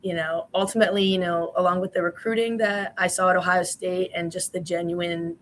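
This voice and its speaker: A woman's voice: lowish voice, fairly even intonation, brisk, a little hiss or hum, low-quality recording. A woman in her twenties, a former college swimmer, answering interview questions in a chatty way with many fillers.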